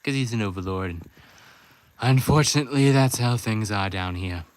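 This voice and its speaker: A man voicing a weary male demon bartender puppet, gruff and matter-of-fact. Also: on the low side, normal speed, slight background noise, close to an everyday voice.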